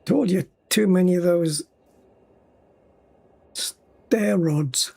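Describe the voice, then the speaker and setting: A man's voice: high-pitched, extremely slow, vocal fry, dark tone. A man streaming a space game from home, muttering dry, wry remarks to himself as he plays. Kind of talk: casual livestream commentary. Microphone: desk mic at a gaming rig.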